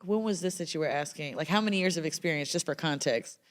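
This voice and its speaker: A woman hosting a podcast, asking relaxed questions in casual chat. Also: low-pitched, quick pace. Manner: relaxed, asks questions, affirming fillers. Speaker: podcast host.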